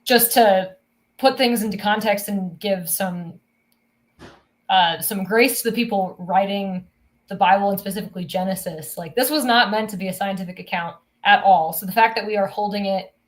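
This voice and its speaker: A thoughtful woman co-hosts a casual podcast about faith. She lays out her views fluently and carefully. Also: mid-range voice. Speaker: podcast co-host.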